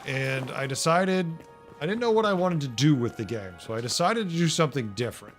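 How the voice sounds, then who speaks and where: A man's voice: medium pitch, animated, a little fast, faint music behind. A man with a Boston accent streaming a building game, chatting casually with viewers. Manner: chatty, talks to chat viewers. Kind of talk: casual livestream chat.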